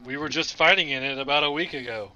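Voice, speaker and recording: A man's voice: mid-range voice, quick pace, muffled recording, noisy background. A man playing a tabletop game, talking casually in and out of character. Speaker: player.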